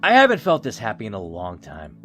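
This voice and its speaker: A man reading a shy, halting grown man. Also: on the low side, wildly swooping pitch, fairly bright tone, soft background music, voice pushed down. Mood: tender. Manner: hesitant, halting. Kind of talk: game dialogue read aloud.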